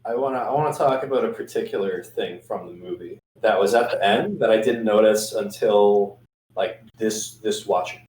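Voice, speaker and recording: A man's voice: on the low side, normal speed, darkish tone. A man co-hosting a podcast who chats casually and steers the talk back on topic. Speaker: podcast co-host. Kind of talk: casual chat. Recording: roomy and distant, faint noise.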